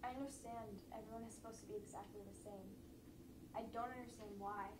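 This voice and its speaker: A woman's voice: on the high side, steady tone, fast, natural voice. A woman playing a defiant young woman who keeps asking why. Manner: insistent questions, breaks into laughter. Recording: noisy roomy audio from far off.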